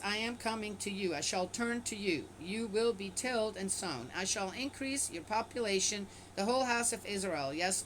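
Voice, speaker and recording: A woman's voice: medium pitch, fairly bright tone, a little hiss or hum, rough recording. A woman reading a scripture passage aloud and stopping often to comment on it with skepticism, in a casual, offhand way. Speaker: bible reader and commentator.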